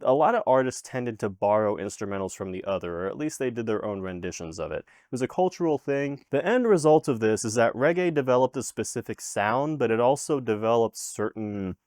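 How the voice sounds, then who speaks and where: A man talks through a music review with exasperated sarcasm, swearing freely. His voice jumps up and down in pitch as he complains. The sound is dry and close, with no room around it. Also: animated, fairly quick, few pauses, a little mellow, no room sound. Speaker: music reaction host. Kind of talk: casual album reaction commentary.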